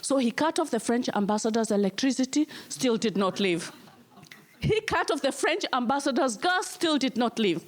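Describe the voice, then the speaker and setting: A woman's voice: on the high side, big pitch swings, normal speed. A woman from Kenya with a Kenyan accent, doing live stand-up comedy in an emphatic way, repeating her lines for effect.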